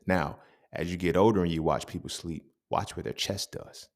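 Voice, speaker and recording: A young adult man hosting a podcast, talking in a casual, animated monologue full of profanity and street slang. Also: low-pitched, moderate pace. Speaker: podcast host.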